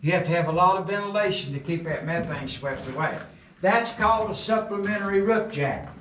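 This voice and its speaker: Middle-aged man, joking tour guide, fairly high voice, echoey, far from the mic, noisy background. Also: fairly quick, fairly bright tone. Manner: folksy joking storyteller. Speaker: coal mine tour guide. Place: underground mine tunnel. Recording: roomy echo, distant camera, background noise.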